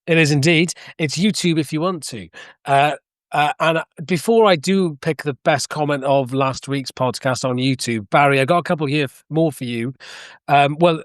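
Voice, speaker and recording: A man hosting a casual football podcast, brisk and jokey as he moves the show along. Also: on the high side, dry recording, studio quality. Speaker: podcast host. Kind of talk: casual chat.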